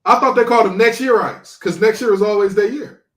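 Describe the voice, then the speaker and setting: A man co-hosting a sports podcast, trash-talking in an animated way and throwing in preacher-like exclamations. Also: high voice, brisk. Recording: roomy, far from the mic.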